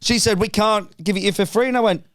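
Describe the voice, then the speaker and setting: A man with a Northern English accent, a podcast guest telling a comedic anecdote in an animated, indignant and sweary way, acting out both sides of the exchange. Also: high voice, quick pace, dry recording, clean studio sound. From northern England.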